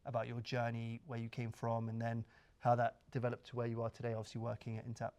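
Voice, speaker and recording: A man hosts an interview at a live event in an office. He asks his guest steady, encouraging questions in a flat, even tone. His voice sits at an ordinary middle pitch. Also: fast talker. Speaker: host, founder of the training course. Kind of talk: interview host.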